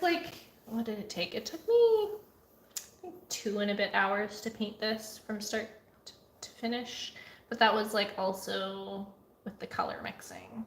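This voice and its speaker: A woman artist talking casually and chattily through her computer work, at times dropping to a soft murmur. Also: medium pitch, echoey room, a little hiss or hum. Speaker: artist vlogger. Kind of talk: casual vlog talk. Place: home art studio.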